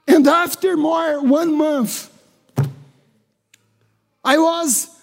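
High-voiced pastor preaching fervently, hall reverb. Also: male voice, creaky. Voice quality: non-native English, slightly broken grammar. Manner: fervent preaching, often shouting and laughing. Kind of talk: sermon. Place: church hall.

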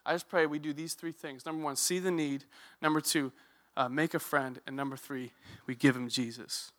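Young man, youth preacher, bright higher voice, storytelling sermon, joking asides. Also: moderate pace. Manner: animated, conversational, joking asides. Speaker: youth ministry director. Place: church sanctuary.

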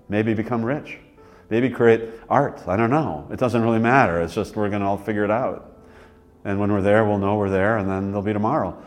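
A man in his sixties, interviewed, telling his life story in a rambling, relaxed way with many fillers. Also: fairly low pitch. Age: 60s. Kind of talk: reflective personal storytelling.

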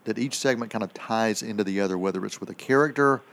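A man's voice: on the low side, quick pace, fairly bright tone. A man co-hosting a radio film segment, reviewing movies in casual chat, rambling with many fillers and restarts.

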